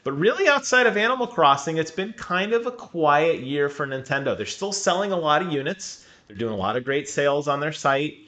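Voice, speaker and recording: Bright-voiced man hosting a podcast. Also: on the high side, brisk, hardly any pauses. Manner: animated, laughs often, asks questions. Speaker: podcast co-host. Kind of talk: casual chat. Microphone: remote call mic.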